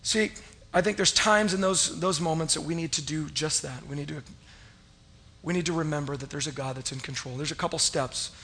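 A middle-aged man preaching a sermon as a pastor, telling stories and acting out his past self with loud, rising cries. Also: on the high side, fairly quick.

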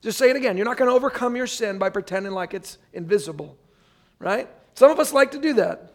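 A male pastor gives a sermon to his church, talking it through in a casual way and turning to the congregation now and then. His voice sits high and has a gravelly edge. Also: lively intonation, fast talker. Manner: conversational preaching with frequent asides to the congregation.

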